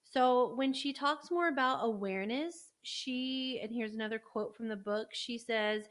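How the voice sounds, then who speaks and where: A woman's voice: on the high side, measured pace. A woman co-hosting a podcast, chatting casually and explaining ideas from a book, with lots of "like" fillers. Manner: relaxed, explaining, frequent "like" fillers. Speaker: podcast co-host. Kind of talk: casual chat.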